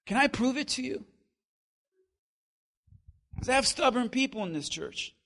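High, bright-voiced preaching pastor. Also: male voice, expressive, a little slow, creaky. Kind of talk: sermon. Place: church.

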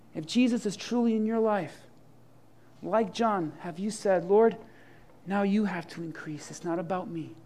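A man preaching a sermon with humor and imagined dialogue, swinging from loud to hushed. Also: high-pitched. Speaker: pastor.

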